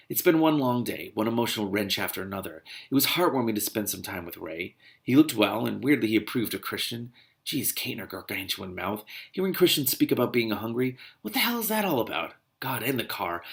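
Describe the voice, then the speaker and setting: A man with a gravelly, creaky voice at a middle pitch reads a novel aloud. He keeps interrupting it with indignant, exasperated asides. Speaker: reader and commentator. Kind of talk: reading a novel aloud with commentary.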